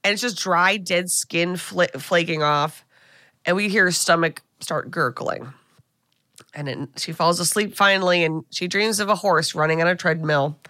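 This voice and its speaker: A woman's voice: lowish voice, normal speed, bright, forceful tone, no room sound, studio quality. An American woman co-hosting a podcast, retelling a film in casual chat and acting out the characters' lines. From United States. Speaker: podcast co-host. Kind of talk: casual movie recap chat.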